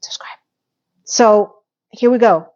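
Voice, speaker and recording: Speaking slowly in a slightly high, somewhat mellow voice, a woman vlogger chats through a recap of a TV episode. She's sarcastic and talkative, with the occasional swear word, and the lo-fi recording sounds a little muffled.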